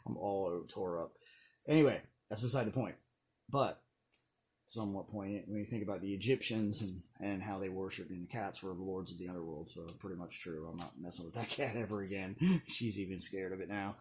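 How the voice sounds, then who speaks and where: Low-voiced man rambling on a vlog. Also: moderate pace, darkish tone, a little hiss or hum. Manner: rambling, chuckles often, conspiratorial asides. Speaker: video creator. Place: indoors at home. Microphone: camera on a stand.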